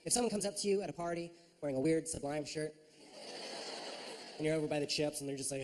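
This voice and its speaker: A man doing a stand-up comedy set on a club stage, animated and full of silly voices and sound effects. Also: a little high, fast, pauses often, big-room sound, a little hiss or hum. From United States.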